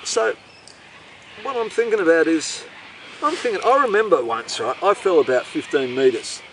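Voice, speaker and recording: A man's voice: on the high side, expressive, normal speed, fairly bright tone, far from the mic, slight background noise, poor audio. A man with an Australian accent telling a meandering, profane, incredulous comic story. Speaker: host. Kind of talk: rambling comic monologue.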